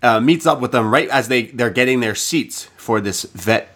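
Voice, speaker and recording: A man's voice: mid-range voice, moderate pace, a bit bright. Rambling, laughing male movie recapper. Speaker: podcast co-host. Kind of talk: casual chat recapping a movie.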